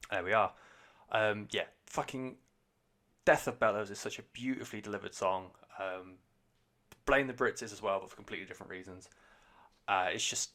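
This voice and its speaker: A man's voice: fairly low pitch, fairly bright tone. A man hosting a podcast, giving a casual, rambling album review full of swearing, fillers and restarts. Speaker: podcast host, music reviewer.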